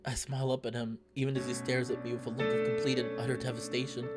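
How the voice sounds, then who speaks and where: A man reading a visual novel aloud in steady first-person narration. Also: medium pitch, fast talker, hardly any pauses, music in the background. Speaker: let's play narrator.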